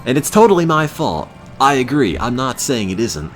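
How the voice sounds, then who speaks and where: A young man chatting casually on a live stream, talking deadpan and monotone with bursts of exasperated ranting. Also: medium pitch, moderate pace, faint music behind.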